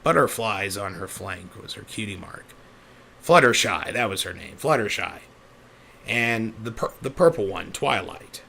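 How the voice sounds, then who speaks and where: A man voicing a gravelly, rambling young pegasus. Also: lowish voice, animated, unhurried, bright, forceful tone, a little hiss or hum, exaggerated voice. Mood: earnest. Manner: rambling, self-correcting, easily flustered. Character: young male pegasus, rough, uneducated, big-hearted. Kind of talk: in-character storytelling.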